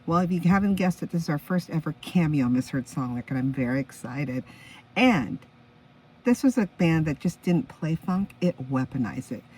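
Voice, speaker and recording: A woman's voice: deep voice, lively intonation, normal speed, warm tone, husky, far from the mic, rough recording. A woman in her fifties hosting her own music podcast in a chatty, enthusiastic way, stopping now and then to react to her notes. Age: 50s. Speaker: podcast host. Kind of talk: casual solo podcast chat.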